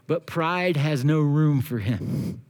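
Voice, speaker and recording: A man preaching a sermon as pastor, earnest and exhorting, with slow emphatic phrasing. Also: a little high, darkish tone.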